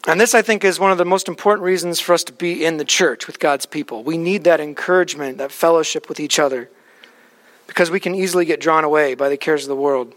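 A man's voice: a little high, quick pace, fairly bright tone. A man in his thirties, a pastor, preaching a conversational sermon with personal stories and frequent restarts. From Alaska.

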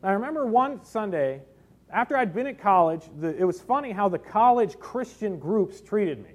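A man's voice: high-pitched, expressive, normal speed. A middle-aged man preaching a sermon, telling personal stories with self-deprecating humor. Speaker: pastor.

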